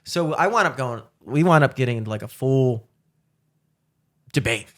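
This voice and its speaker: A man, co-hosting a podcast and telling a long story in casual chat, animated and profane, acting out the voices of the people in it. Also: medium pitch, moderate pace. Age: 30s. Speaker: podcast co-host.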